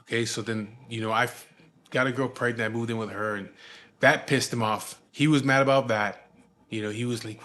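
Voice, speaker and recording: A man in his forties from Southern California tells a story in a loose, casual way. He swears often and keeps dropping fillers. His voice sits at an ordinary middle pitch. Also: normal speed, long pauses, sharp tone. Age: 40s. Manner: laid-back and profane, with frequent fillers.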